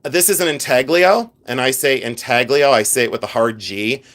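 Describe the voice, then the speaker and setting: A middle-aged man from Ohio with an Ohio accent, a reseller chatting animatedly on a live stream while showing jewelry. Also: medium pitch. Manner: chatty, animated, quick asides and laughs. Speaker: jewelry reseller hosting a livestream. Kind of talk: live stream show-and-tell.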